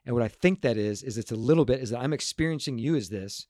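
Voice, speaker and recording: A man speaking as a guest to a group, telling stories in an earnest, animated way and often restarting his words. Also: mid-range voice, fast, dry recording, clean studio sound. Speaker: guest speaker on parenting and emotions. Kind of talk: casual storytelling talk to a group.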